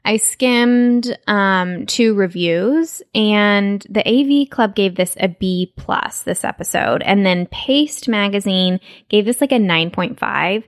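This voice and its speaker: A woman's voice: medium pitch, no room sound. Chatty woman podcast co-host, dry sound. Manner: chatty, quick, with many fillers and restarts. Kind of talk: casual chat.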